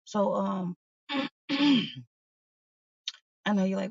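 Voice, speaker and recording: A woman's voice: mid-range voice, animated, measured pace, vocal fry, pauses often, darkish tone, slightly rough, no room sound. A woman hosting a livestream, talking candidly and bluntly in a rambling, casual way to her viewers. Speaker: livestream host. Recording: dull, slightly lo-fi sound.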